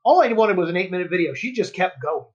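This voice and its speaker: A man's voice: sits high, lively intonation, fast talker, husky, highs cut off. A man co-hosting a podcast, chatting casually and explaining at length. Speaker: podcast co-host. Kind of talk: casual chat.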